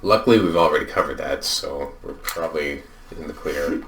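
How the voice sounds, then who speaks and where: A man's voice: very deep voice, normal speed, a bit bright, roomy sound, distant mic. A man co-hosting a podcast who muses in a dry, offhand way and swears casually. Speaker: podcast co-host. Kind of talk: casual chat.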